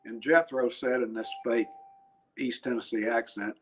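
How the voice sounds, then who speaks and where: An older man, a guest musician, telling anecdotes in an interview in a chatty, animated way, laughing and restarting his phrases. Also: mid-range voice, moderate pace.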